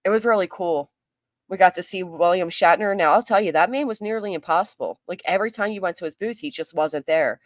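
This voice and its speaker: A woman's voice: on the low side, fairly quick, no echo, clean studio sound. A woman hosting a casual livestream, greeting viewers by name in a chatty way, her voice a little worn. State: losing her voice. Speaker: livestream host.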